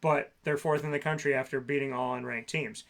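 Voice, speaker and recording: A man's voice: medium pitch, steady tone, a little fast, a bit bright. A man co-hosting a casual sports talk show, sarcastic and ranting about team rankings.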